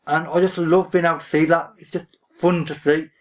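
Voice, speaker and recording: A man with a fairly high, level voice talks fairly quickly to camera about books. His manner is reserved and rambling, he often says "frankly," and the mic picks him up from a bit of a distance.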